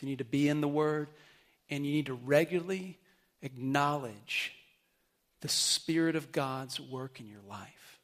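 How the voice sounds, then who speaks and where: A man with a high voice preaching to his congregation. He talks earnestly, climbing louder and higher as he urges his listeners, then settles low and quiet. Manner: earnest, rises loud and high when urging, drops soft and low at close. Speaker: pastor. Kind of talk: sermon.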